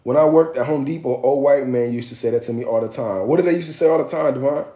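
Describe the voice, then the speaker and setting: A young man from Miami talks straight into his phone on a livestream, blunt and full of swearing, his pitch sitting right in the middle. His voice bounces around a roomy, echoing space. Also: fast talker. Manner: blunt, profane, animated storyteller. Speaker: livestream host. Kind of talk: casual livestream storytelling. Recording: roomy echo.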